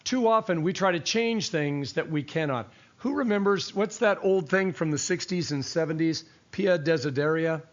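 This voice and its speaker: A man's voice: a little high, animated, normal speed, few pauses, muffled recording. An older man, a pastor, teaching a verse-by-verse Bible study in a conversational preaching style, mixing scripture with personal stories.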